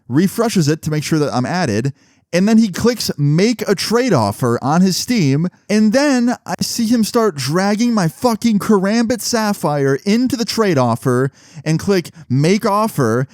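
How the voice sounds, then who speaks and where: A young man casually telling a personal story to his viewers, animated and swearing often, with frequent rhetorical asides. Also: sits high, unhurried, no echo, studio quality. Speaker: storytelling vlogger.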